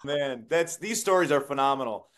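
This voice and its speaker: A man's voice: medium pitch, animated, normal speed, a bit bright. A man hosting an interview, eager and encouraging as he asks questions. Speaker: interview host. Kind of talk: casual interview.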